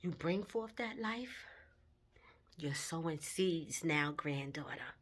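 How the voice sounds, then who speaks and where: A woman voicing her elderly grandmother, speaking softly and reassuringly, sometimes almost in a whisper. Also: low-pitched, expressive, slow pace, heavily acted. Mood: tender. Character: elderly grandmother, tender and steadying.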